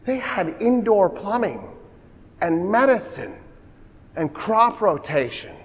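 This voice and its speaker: A man's voice: sits high, very animated, takes it slowly, pitched above the performer's own voice, heavily acted. A man lecturing acts out crude, awestruck crusader men bragging about what they saw abroad, in a reverberant lecture hall.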